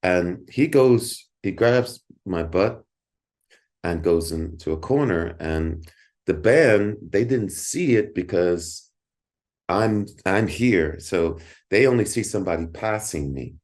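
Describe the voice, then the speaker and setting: Very deep-voiced man telling a story. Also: slow pace. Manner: animated, repeats words, laughs often. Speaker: podcast guest, musician. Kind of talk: casual storytelling.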